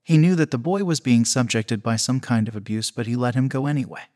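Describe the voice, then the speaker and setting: Guy narrating fanfic, steady reading, normal mid pitch. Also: brisk. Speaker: fan fiction narrator. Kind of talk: scripted narration.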